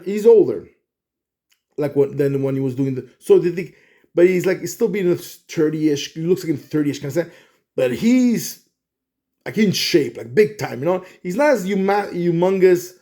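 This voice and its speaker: Rambling high-voiced man telling a plot. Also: dark tone. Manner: rambling, full of restarts and "okay?" check-ins. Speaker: film fan pitching a movie plot. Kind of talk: casual storytelling monologue.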